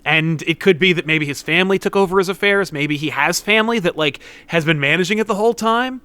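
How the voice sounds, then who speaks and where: A man's voice: sits high, quick pace, bright, forceful tone, smooth, no echo. A young man co-hosting a casual podcast, rambling through theories with lots of fillers. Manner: rambling, acts out characters. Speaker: podcast co-host. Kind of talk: casual comic-book chat.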